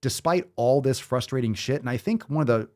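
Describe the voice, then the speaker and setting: A man's voice: medium pitch, animated, brisk, a little mellow. A man hosting a show, talking in casual, profane, rambling commentary with a sarcastic, exasperated edge. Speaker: show host. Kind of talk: livestream commentary.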